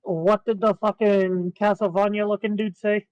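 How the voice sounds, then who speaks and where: A man's voice: sits high, little pitch movement, a little mellow, clean tone, no echo, dull audio. A man playing a tabletop game, speaking bluntly and casually with plenty of swearing. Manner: blunt, profane, quick. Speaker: player.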